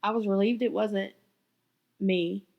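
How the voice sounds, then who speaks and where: A woman's voice: medium pitch, fairly even intonation, measured pace, gravelly, highs cut off. A woman hosting her own podcast, telling her life story in a raw, candid way and swearing freely. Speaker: podcast host. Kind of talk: confessional personal storytelling.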